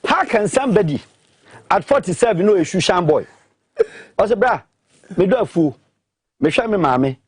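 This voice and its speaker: Ghanaian guy, husky, voice bouncing all over, hammering his point home. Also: sits high, very animated, normal speed, pauses often, dry recording, studio quality. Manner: emphatic, repeats questions to press a point. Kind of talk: animated discussion mixing English and Twi.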